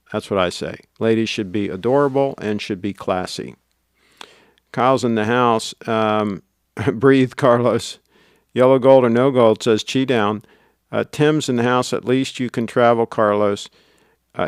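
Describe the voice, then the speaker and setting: A man's voice: medium pitch, clear, resonant tone, no room sound, studio quality. Chatty man reading live comments. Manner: chatty, laughs often, reads viewer comments aloud. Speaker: livestream host. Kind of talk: casual livestream chat reading comments.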